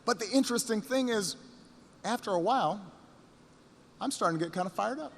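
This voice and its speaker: A man giving a campaign rally speech, telling a story with repeated phrases and pauses that builds to rousing shouts, recorded in a reverberant hall. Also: sits high, expressive, noisy background. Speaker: political candidate.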